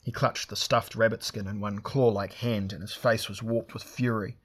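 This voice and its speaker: A man's voice: lowish voice, fairly even intonation, normal speed, hardly any pauses, husky. A man narrating a fantasy story, lifting his voice for the characters' lines. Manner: reads dialogue with raised voices for characters. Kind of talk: audiobook narration.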